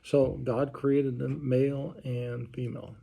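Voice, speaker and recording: A pastor leading an informal Bible study, talking conversationally and quizzing the group with questions. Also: male voice, medium pitch, flat delivery, measured pace, gravelly, dark tone, breathy edge. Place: church study group room.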